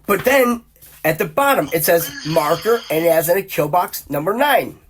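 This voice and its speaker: Speaking at a moderate pace, this male podcast host has a fairly high pitch and lively intonation. His rant is heated, profane and rambling, full of restarts, with exclamations repeated in rising bursts.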